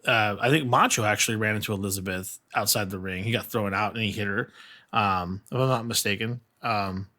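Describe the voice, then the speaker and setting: A man's voice: on the low side, a little fast, pushed and bright. A man co-hosting a podcast in casual chat, recalling details hesitantly. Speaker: podcast co-host.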